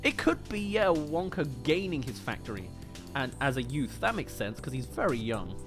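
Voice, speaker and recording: A man's voice: medium pitch, big pitch swings, moderate pace, faint music behind. A British man hosting a movie review livestream, chatting casually and joking as he answers viewer comments.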